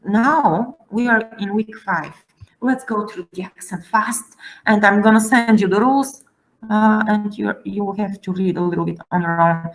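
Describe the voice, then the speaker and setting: A woman's voice: mid-range voice, rough recording. A woman teaching a class, walking through terms one step at a time in a methodical lecture. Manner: methodical, spelling out terms slowly.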